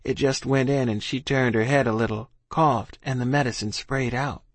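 A man reads a first-person story aloud in an earnest, steady manner. His voice sits at a middle pitch, and the recording is dry and close. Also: moderate pace, no room sound. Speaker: audiobook narrator.

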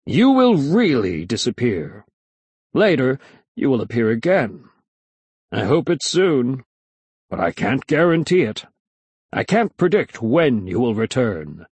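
A man voicing a showy male stage magician who speaks slowly and dramatically. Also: mid-range voice, very animated, breathy edge, no room sound. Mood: ominous. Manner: slow, dramatic, theatrical.

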